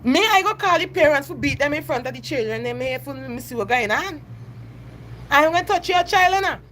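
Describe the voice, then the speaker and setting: On her phone livestream, a middle-aged female host rants impassionedly, says the same things over and over, and names her viewers directly. She talks quickly and animatedly in a high, fairly bright voice, and the recording carries a slight hiss or hum.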